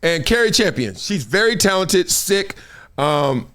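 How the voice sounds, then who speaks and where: Slangy and animated, a middle-aged man chats casually on the show he hosts. His pitch jumps quickly, and laughter comes often.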